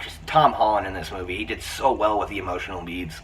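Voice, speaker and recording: An eager man rambles through a casual film review, restarting his sentences as he retells scenes. His low voice sounds bright and forceful. He sits a little back from the mic, with a faint hiss of the room behind him. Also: brisk, few pauses, far from the mic, poor audio.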